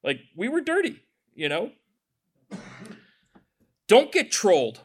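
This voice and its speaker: Male pastor, high voice, very lively pitch, chatty sermon delivery. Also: slow, husky. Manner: animated, conversational preaching with asides and acted quotes.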